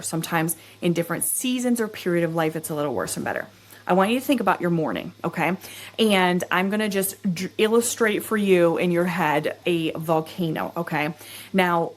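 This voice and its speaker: A young adult woman, a guest expert, explaining stress in an animated, teaching way and often checking in with "right?" and "okay?". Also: on the low side. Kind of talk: explanatory interview talk.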